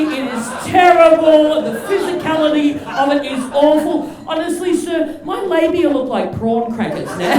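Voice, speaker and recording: A high-voiced middle-aged woman delivering crude, punchy stand-up. She sounds set back from the mic in an echoey club. A big crowd laughs around her. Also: far from the mic, heavy background noise. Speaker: stand-up comedian. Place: comedy club stage.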